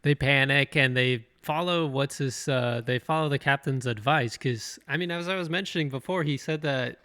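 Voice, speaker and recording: A man's voice: medium pitch, moderate pace, bright, forceful tone, no room sound, clean studio sound. A man co-hosting a podcast in casual chat, laid-back, mostly chiming in with short agreements. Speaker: podcast co-host.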